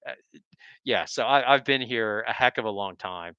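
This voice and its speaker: A man's voice: medium pitch, moderate pace, bright, forceful tone, clean tone, dry recording, dull audio. A middle-aged American man from Texas, hosting a casual sports stream with rambling, enthusiastic digressions. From Texas, USA.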